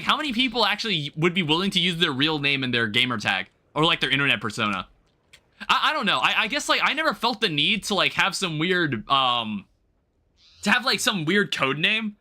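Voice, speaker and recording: Bright, lively-voiced man streaming a game. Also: high voice. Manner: rambling, self-correcting, chatting with viewers; casual, swears lightly. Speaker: livestreamer. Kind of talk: casual gameplay commentary.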